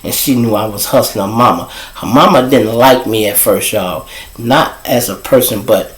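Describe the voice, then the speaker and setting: A man's voice: moderate pace, reverberant, poor audio. Profane man telling street stories. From Chicago. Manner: animated, profane, jumps to high voices for quoted people. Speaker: storyteller host. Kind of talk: casual street storytelling.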